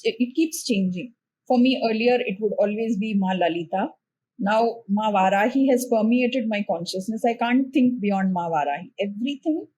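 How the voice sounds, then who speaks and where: A woman with an Indian English accent talks as a guest on a podcast, calm and patient. Her voice is slightly husky and sits at a middle pitch. She slows down gently whenever she gives step-by-step instructions. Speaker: spiritual teacher, podcast guest. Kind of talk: calm explanatory conversation.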